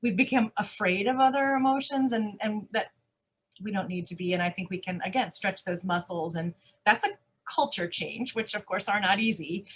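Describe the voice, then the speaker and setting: A woman conference speaker answering audience questions, animated and emphatic, with rhetorical questions and frequent restarts. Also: mid-range voice, moderate pace, breathy edge. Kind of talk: live Q&A answers.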